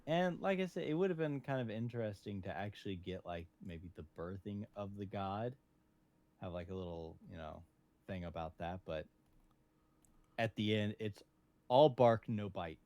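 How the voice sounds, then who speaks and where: A man co-hosting a casual podcast chat, joking and playful with animated asides. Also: on the low side, normal speed. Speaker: podcast co-host.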